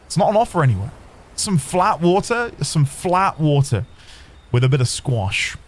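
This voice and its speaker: Lively, chatty male game streamer. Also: a little high, moderate pace. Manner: chatty, rambling, talks to chat. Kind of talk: casual gameplay streaming.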